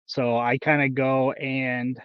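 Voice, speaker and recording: A man joining a live chat as a guest creator, talking in a relaxed, matter-of-fact way. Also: mid-range voice, takes it slowly, clean tone, dry recording. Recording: dull dry remote audio.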